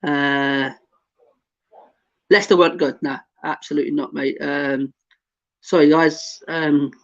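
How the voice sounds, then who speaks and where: An easygoing host chatting about football, laughing often as he reads viewers' comments. His voice sits a little higher than most men's. The audio is dull and lo-fi, like an online call. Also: steady tone, unhurried, vocal fry. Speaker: show host. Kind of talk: casual football chat.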